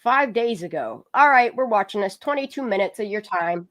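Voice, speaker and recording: A woman's voice: mid-range voice, lively intonation, moderate pace, a bit bright. A woman hosting a casual livestream, talking loosely and swearing freely. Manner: loose, profane, chatty. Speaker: livestream host. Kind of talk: casual live-stream chat.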